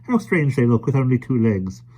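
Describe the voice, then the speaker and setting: A man's voice: medium pitch, sing-song, normal speed, dark tone, pitched above the performer's own voice. A man voicing a vague, absent-minded old professor who murmurs in a storybook reading. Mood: puzzled.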